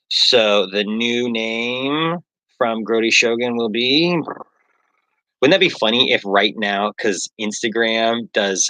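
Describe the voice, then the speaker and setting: Low-voiced man rambling on a livestream. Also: bright, forceful tone, no room sound. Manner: rambling, self-mocking, many fillers. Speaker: livestreaming artist.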